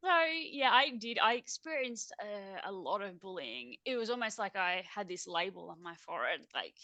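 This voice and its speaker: A woman's voice: medium pitch, lively intonation, moderate pace, bright, forceful tone, no echo. An Australian woman, a guest on a remote video call, telling her personal story in a reflective, earnest way and laughing easily. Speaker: interview guest.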